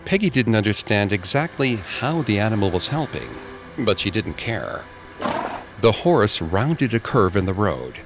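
A man narrating a scripted ghost story with a dramatic, expressive delivery. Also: lowish voice, measured pace, background noise.

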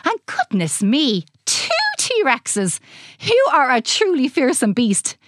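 A woman's voice: sits high, wildly swooping pitch, slow, dry recording, studio quality, heavily acted. A woman voicing a grown woman who plays a fairy queen with airy, dramatic flair. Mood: gushing. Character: grand theatrical woman playing fairy queen.

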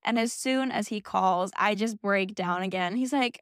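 A woman's voice: mid-range voice, lively intonation, dry recording, clean studio sound. A young woman hosting a podcast, telling a personal story in a candid, emotional way, recorded in a small closet. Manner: candid and emotional, quick asides. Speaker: podcast host.

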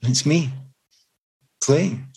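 A man's voice: fairly high pitch, slow pace, gravelly, breathy edge, rough recording. A middle-aged man, a former footballer, telling reflective stories in an interview. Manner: reflective, animated anecdotes with restarts. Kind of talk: storytelling in an interview.

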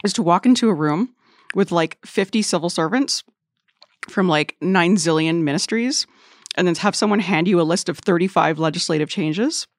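A woman's voice: on the low side, no echo. Woman, podcast host, chatty, dry studio sound. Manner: chatty, quick asides and laughs. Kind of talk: casual news podcast chat. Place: studio room with other guests.

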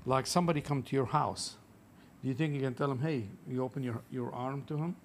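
A man's voice: mid-range voice, fairly even intonation, quick pace, a little hiss or hum. A man, a liquor store owner, speaking earnestly in non-native English as a podcast guest. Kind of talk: casual podcast chat.

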